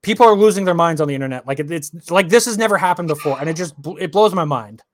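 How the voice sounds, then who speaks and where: A man's voice: a little high, animated, fast, no room sound, studio quality. A man co-hosting a sports podcast, talking casually and ranting with lots of repeated words. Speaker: podcast co-host.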